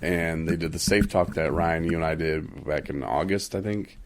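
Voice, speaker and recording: A man hosting a podcast in casual chat, telling stories in an animated way and laughing between lines. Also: low voice, moderate pace. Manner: animated storyteller, acts out quoted voices. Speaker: podcast host.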